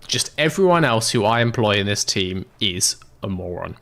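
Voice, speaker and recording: A man's voice: on the low side, big pitch swings, normal speed, gravelly, fairly bright tone. Joking man commenting on a game. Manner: sarcastic, self-mocking and joking. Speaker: game streamer. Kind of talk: casual gameplay commentary.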